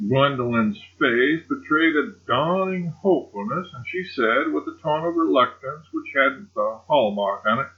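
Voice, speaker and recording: A man's voice: medium pitch, lively intonation, a little slow, hardly any pauses, highs cut off. Man narrating a classic novel. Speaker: audiobook narrator. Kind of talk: reading a classic novel aloud.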